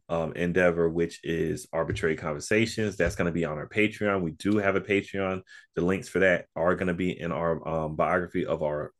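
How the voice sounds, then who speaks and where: A man guesting on a podcast, chatting casually and telling stories in a laid-back way, laughing often. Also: low-pitched. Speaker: podcast guest and co-host of another podcast. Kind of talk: casual interview chat.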